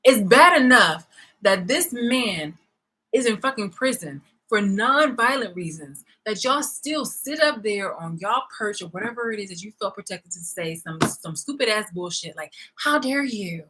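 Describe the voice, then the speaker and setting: A woman's voice: medium pitch, animated, normal speed, pushed and bright, husky, low-quality recording. A woman vlogger ranting angrily and sarcastically, swearing hard and breaking into bursts of laughter. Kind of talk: heated vlog rant.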